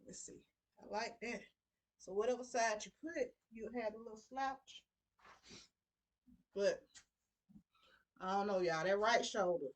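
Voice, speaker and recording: A woman's voice: mid-range voice, unhurried, pauses often. A middle-aged woman giving a casual sewing tutorial, chatty and talking to her viewers as y'all. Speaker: sewing vlogger.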